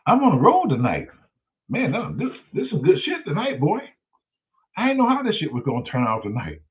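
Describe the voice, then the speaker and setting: A man hosting his own show, telling stories in a profane, animated way. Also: on the high side, fairly quick. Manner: profane, animated, loud storyteller. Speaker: show host. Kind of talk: casual livestream storytelling. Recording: tinny phone-like sound.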